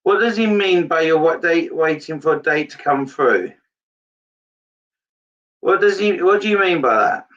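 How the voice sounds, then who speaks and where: A psychic medium giving a live-streamed reading to viewers, halting, repeating his phrases and turning emotional. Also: on the high side, expressive, fairly bright tone, recorded from a distance, lo-fi sound.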